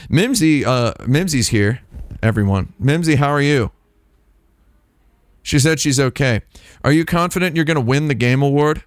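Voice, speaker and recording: A streamer chats casually in a medium-pitched voice with lively intonation, speaking at normal speed but leaving long pauses. Rambling and joking, he keeps his mouth right on the foam of a close dynamic microphone. The recording is dry and clean, with studio quality.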